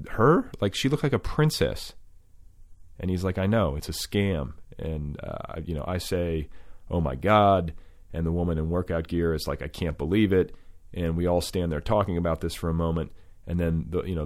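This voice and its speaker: Deep-voiced man rambling through a story. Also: darkish tone, no echo, clean studio sound. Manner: rambling, filler-heavy, self-correcting. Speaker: podcast host. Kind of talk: storytelling monologue.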